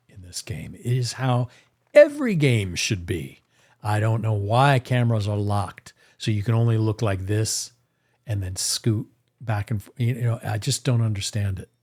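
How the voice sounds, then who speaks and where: A man's voice: on the low side, lively intonation, measured pace, darkish tone. A man streaming a western role-play game, chatting in a rambling, playful way and talking to his horse while staying in character. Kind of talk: casual chat while role-playing in a game.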